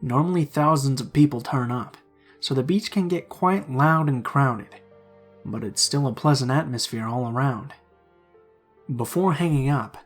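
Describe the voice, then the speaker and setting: Gravelly man narrating horror stories. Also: medium pitch.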